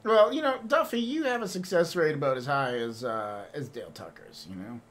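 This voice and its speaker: A man's voice: medium pitch, animated, a little fast, fairly bright tone. A man streaming and chatting casually with viewers, rambling and laughing often, with some swearing.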